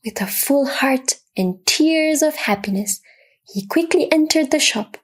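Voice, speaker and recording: A woman narrating a religious children's story in a slow, expressive, reverent manner. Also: sits high.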